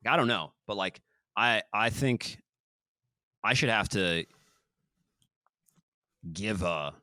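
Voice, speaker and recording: In a clean recording with no echo, a male podcast host with a fairly low voice speaks slowly. He wanders through casual chat, lively and frequently acting out what people said.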